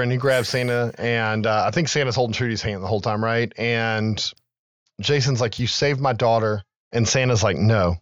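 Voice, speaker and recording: A man's voice: medium pitch, no echo, lo-fi sound. A man in his thirties, a podcast co-host, recapping a film in casual chat and acting out its lines with laughs.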